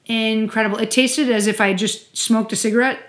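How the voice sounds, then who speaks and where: A woman co-hosting a casual chat while tasting wine, talking fast and loose, swearing and filling her sentences with "like". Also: a little high, steady tone. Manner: chatty, heavy use of "like", swears casually. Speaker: podcast co-host.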